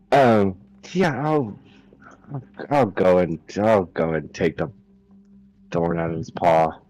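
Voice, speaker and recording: Jokey low-voiced man at the game table. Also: takes it slowly, pauses often, rough recording. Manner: jokey, laughing, lively. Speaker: player. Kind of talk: casual tabletop game chat.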